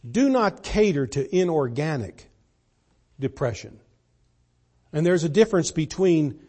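A man preaching a sermon, pressing key points hard and then dropping to a soft, hushed voice. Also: a little high. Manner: emphatic, swings from loud to soft.

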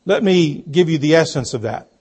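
Telling a story slowly and deliberately, this male pastor acts out the quoted voices as he preaches. His voice is on the high side, animated, husky and darkish in tone.

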